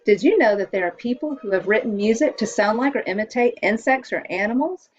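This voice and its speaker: A woman from the United States, an elementary school music teacher, explaining composers and the orchestra to children in a cheerful, clear way. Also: a little high, animated, lo-fi sound, a little hiss or hum. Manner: cheerful, explains slowly for kids.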